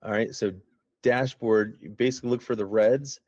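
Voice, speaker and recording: A man's voice: medium pitch, steady tone, moderate pace, a little mellow, no room sound, muffled recording. A man giving a casual, rambling walkthrough of his app over a video call. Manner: rambling, folksy, self-interrupting. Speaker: app founder. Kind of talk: casual screen-share walkthrough.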